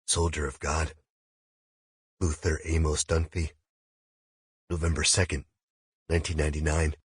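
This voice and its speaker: A man reading an audiobook as first-person narration, with a measured, grave, steady delivery and a husky voice. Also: extremely low pitch, no room sound, clean studio sound.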